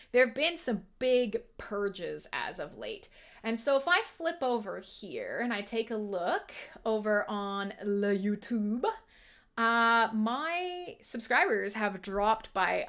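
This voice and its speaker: A woman hosting a casual livestream, chatting in an animated way, laughing often and swearing now and then. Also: a little high. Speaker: livestream host.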